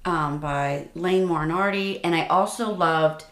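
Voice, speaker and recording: Low-voiced woman eagerly recommending books, echoey room. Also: takes it slowly, fairly bright tone. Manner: enthusiastic, emphatic recommendations. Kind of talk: casual chat about books.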